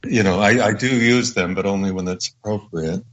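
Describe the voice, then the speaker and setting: A man's voice: fairly low pitch, normal speed, noisy background. A man talking on a radio show, rambling off on tangents. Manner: rambling, digressive. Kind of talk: conversational radio talk. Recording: dull lo-fi sound.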